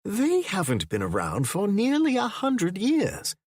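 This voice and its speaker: A man's voice: on the high side, huge pitch swings, moderate pace, darkish tone, husky, no room sound, pitched above the performer's own voice, heavily acted. A man voicing an older English historian with a sophisticated accent, polite at first and then indignant and scoffing.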